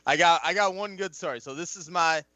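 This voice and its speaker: A man's voice: a little high, sharp tone, no room sound. A man who is a guest on a podcast, chatting casually and rambling through restarted sentences. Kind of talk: casual chat.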